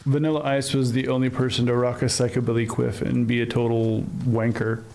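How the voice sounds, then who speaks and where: A man's voice: mid-range voice, flat delivery, a little fast, gravelly, darkish tone, a little hiss or hum. A man from Ohio streaming a game, giving casual, rambling commentary with wry asides. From Ohio, USA.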